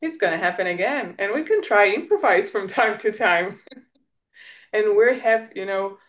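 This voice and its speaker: A woman's voice: medium pitch, animated, moderate pace. A woman with an Israeli accent speaks English as a second language in a reflective conversation. She often restarts her sentences and searches for words. Her voice sits in an ordinary middle register. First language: Hebrew. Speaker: guest.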